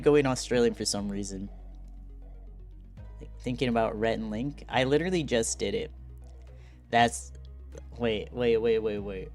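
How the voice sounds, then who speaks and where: A man streaming a story game, chatting casually and making joking asides between lines of the script. His voice sits at a middling pitch. Faint music plays in the background. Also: darkish tone. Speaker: gaming streamer. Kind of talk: casual commentary while reading a story game aloud.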